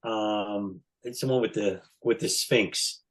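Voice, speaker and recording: A man's voice: fairly low pitch, fairly even intonation, slow, fairly bright tone. A man in his sixties telling casual stories as a podcast guest, rambling with many "you know" fillers and laughing as he talks. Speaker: guest, longtime fan. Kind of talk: casual anecdotal storytelling.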